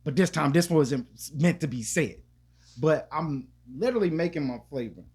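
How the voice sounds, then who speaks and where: A man's voice: on the high side, lively intonation, moderate pace, a little mellow, husky. A man co-hosting a podcast, telling a loose, profane, rambling story in casual chat with lots of restarts. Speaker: podcast co-host.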